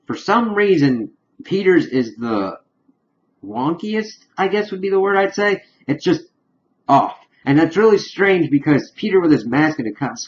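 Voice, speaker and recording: A chatty, enthusiastic man talks through a comic book issue in a relaxed review. His voice sits at an ordinary middle pitch. The recording sounds a little dull and lo-fi. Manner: chatty and enthusiastic, acts out characters' lines. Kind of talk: casual spoken review.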